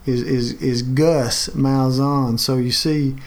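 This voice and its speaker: Gravelly sports host. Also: male voice, mid-range voice, fairly even intonation. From Alabama. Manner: halting, many fillers and restarts. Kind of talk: casual sports talk.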